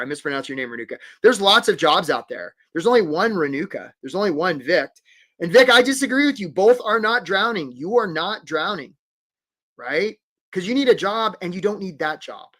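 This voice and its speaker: Man, career coach, live webinar, upbeat, encouraging, fairly high voice. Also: a bit bright. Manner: upbeat, encouraging, greets chat viewers by name.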